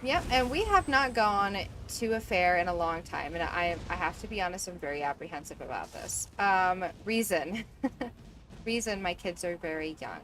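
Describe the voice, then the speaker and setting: A woman's voice: on the low side, animated, normal speed, fairly bright tone, slight background noise, poor audio. A woman in her thirties streaming a game from home, chatting in a rambling, easygoing way full of fillers. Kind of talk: casual chat while gaming.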